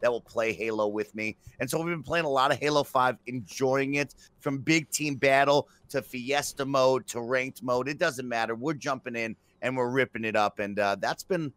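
This man chats in a relaxed, enthusiastic way, like a gamer talking with friends. His voice sits in an ordinary middle range for a man. The recording is close and dry. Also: medium pitch, normal speed, hardly any pauses, no room sound. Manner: easygoing, enthusiastic gamer talk. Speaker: podcast co-host. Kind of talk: casual chat.

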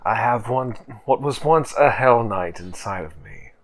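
A man voicing a gruff, sardonic male sociopath and former knight in a tabletop game, speaking dryly. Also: mid-range voice, expressive, unhurried. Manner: dry, sardonic.

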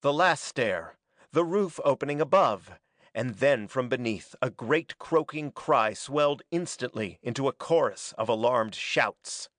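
A man reading a pulp adventure story aloud as a dramatic, steady narrator. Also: mid-range voice, no echo, clean studio sound. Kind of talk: scripted audiobook narration.

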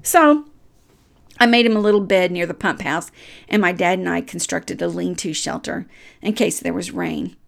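Gravelly-voiced woman telling a childhood story. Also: fairly low pitch, moderate pace. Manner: warm folksy storytelling, drops to soft murmurs. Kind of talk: personal story narration.

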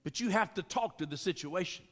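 A man's voice: high-pitched, lively intonation, brisk. A man preaching a sermon as pastor, exhorting the congregation with repeated calls and responses. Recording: long reverb of a large hall.

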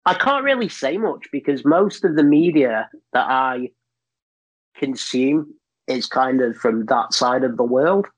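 A man's voice: mid-range voice, lively intonation, a little slow, rough recording. Blunt, swearing Englishman in casual chat. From England. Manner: blunt, swears freely, rambling asides. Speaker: podcast guest.

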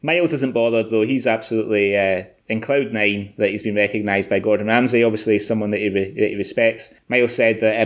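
A man's voice: on the low side, brisk, hardly any pauses. A man co-hosting a podcast, chatting casually and telling stories with many restarts. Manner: rambling, many restarts, animated storytelling. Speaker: podcast co-host. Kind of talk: casual chat.

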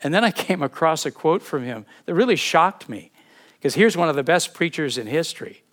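A man preaching a sermon as a pastor, earnest and heartfelt, often repeating words as he searches for them and dropping from emphatic to hushed. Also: on the high side, expressive, a little fast.

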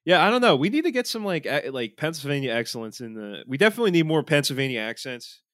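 A man's voice: a little high, big pitch swings, fast, fairly bright tone, no echo. Casual male podcast co-host, dry sound. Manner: loose, swearing banter with many fillers. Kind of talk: casual chat.

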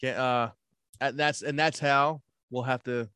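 A man telling stories in a casual chat, animated, swearing a lot and laughing often. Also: mid-range voice, measured pace, smooth, dry recording, clean studio sound. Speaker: podcast co-host.

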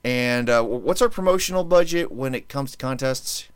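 A man's voice: medium pitch, expressive, moderate pace, clean tone, no echo. A man hosting his own podcast in casual chat, rambling and joking as he restarts his sentences. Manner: rambling, self-interrupting, joking. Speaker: podcast host.

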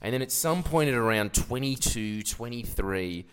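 A man's voice: mid-range voice, lively intonation, normal speed, clear, resonant tone, big-room sound. A man, ranting brashly as a podcast co-host in casual comedic chat. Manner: brash, ranting, mock-outraged.

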